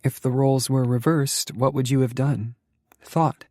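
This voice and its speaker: A man voicing a gentle teasing woman friend. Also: medium pitch, fairly even intonation, unhurried, no room sound, clean studio sound, pitched above the performer's own voice, natural voice. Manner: softly spoken, teasing. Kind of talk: audiobook narration.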